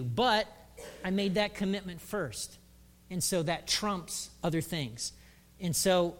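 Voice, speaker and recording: A male pastor with a high-set voice preaches in a relaxed, joking way, slipping into quick voices now and then. The sound carries a long reverb from the church hall. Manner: humorous, acts out quick voices. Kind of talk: conversational sermon.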